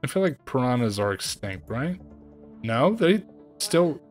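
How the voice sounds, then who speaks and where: Slow-talking man ranting while gaming. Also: faint music behind. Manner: animated ranting, jumps to high exclaims. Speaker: gaming streamer. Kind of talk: casual chat while playing a game.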